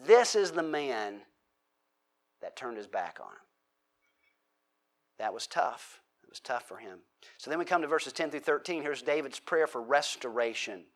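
A man's voice: medium pitch, expressive, unhurried, pauses often. A man preaching a conversational Bible-teaching sermon, asking the audience questions and acting out quotes. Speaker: pastor.

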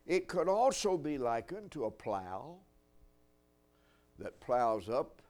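A man's voice: medium pitch, sing-song, takes it slowly, darkish tone. An older man preaching a sermon, telling folksy stories with dry humor.

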